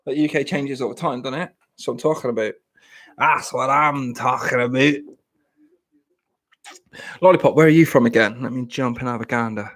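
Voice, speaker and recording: A man's voice: medium pitch, quick pace, few pauses. A man, chatting casually on a live stream, joking and rambling as he answers viewers in the chat. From England.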